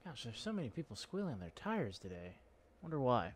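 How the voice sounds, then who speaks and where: Brisk and sing-song, this mid-range male voice belongs to a gaming channel host giving casual let's-play commentary. He chats and rambles, joking about himself, with a little hiss or hum in the audio.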